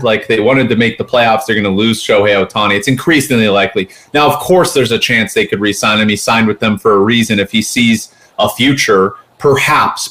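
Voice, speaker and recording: A man co-hosting a casual sports podcast, talking in loose, rambling runs packed with fillers and restarts. His voice sits at an ordinary middle pitch for a man, and he keeps the talk chatty and unscripted. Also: fairly bright tone. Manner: rambling, quick, many fillers like "like". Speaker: podcast co-host.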